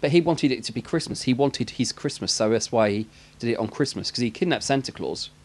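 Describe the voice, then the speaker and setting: A man's voice: mid-range voice, fairly quick, slightly rough. English male co-host, casual rambling banter, laughs a lot. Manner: jokey, rambling, laughs often. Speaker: podcast co-host. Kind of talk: casual chat about a film.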